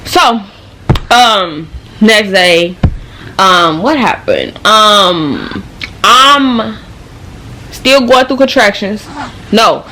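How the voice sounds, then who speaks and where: A young woman telling her story straight to camera in loose, slangy talk full of swearing. She's animated and keeps the tale rolling, with a faint hiss behind her. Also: mid-range voice, extremely slow, long pauses. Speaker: vlogger. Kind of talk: casual storytime.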